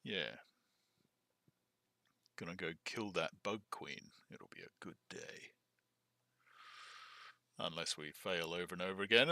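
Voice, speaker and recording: Guy chatting while he edits audio, jokey, low-ish voice, super bright and dry. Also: expressive, unhurried, vocal fry, pauses often, no echo. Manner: chatty, joking, talking to chat while editing. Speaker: audiobook producer. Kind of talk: casual behind-the-scenes commentary.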